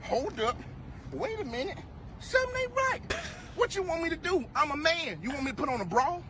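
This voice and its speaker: A man tells a cocky joking story, landing punchlines with a high, swooping voice. Clear traffic and street noise run behind him in the recording. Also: big pitch swings, brisk. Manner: boastful, punchline-driven storytelling. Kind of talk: joking anecdote to camera.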